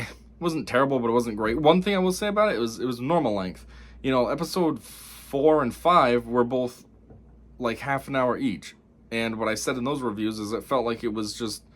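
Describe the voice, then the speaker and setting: A man's voice: mid-range voice, normal speed. A man giving a casual spoken review of a TV episode, rambling and exasperated, with lots of fillers.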